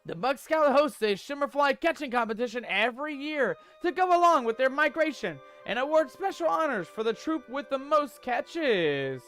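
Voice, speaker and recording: A man's voice: very high voice, sing-song, moderate pace, hardly any pauses, a bit bright, soft background music, pitched above the performer's own voice, heavily acted. A man voicing an eager young farm boy bug scout, reading game dialogue aloud in an earnest, pleading way.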